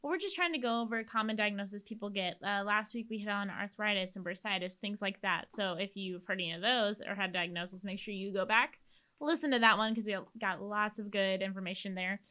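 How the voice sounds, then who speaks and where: A woman's voice: mid-range voice, a little fast, bright, forceful tone. A woman hosting a podcast, chatty and upbeat as she introduces the episode and jokes with her guests. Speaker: podcast host.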